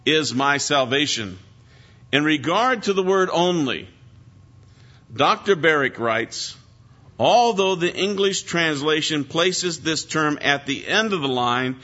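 Guy preaching thru a psalm, earnest and emphatic, bright punchy voice, kinda muffled lo-fi sound. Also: on the high side. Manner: earnest, emphatic, stresses key words. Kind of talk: expository Bible teaching. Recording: dull lo-fi recording.

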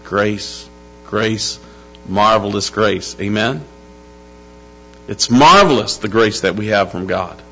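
A man preaching a sermon to his church, emphatic, slowing down to stress key words and calling out to the congregation. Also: on the low side, vocal fry, pushed and bright. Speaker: pastor. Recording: dull lo-fi sound with faint music and hum.

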